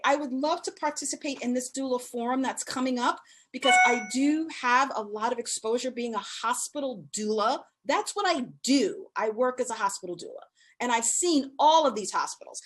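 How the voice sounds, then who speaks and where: Brief: high-pitched woman, fiery and indignant, testifying remotely at a public hearing. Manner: impassioned, indignant. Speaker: hospital doula testifying at a hearing. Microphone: remote video call.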